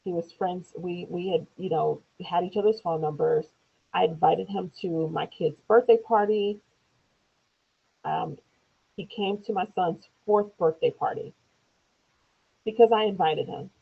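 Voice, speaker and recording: A woman, an interview guest, telling a personal story in a loose conversational way, acting out quoted speech in higher voices. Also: measured pace, vocal fry, long pauses, breathy edge. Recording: tinny phone-like lo-fi audio.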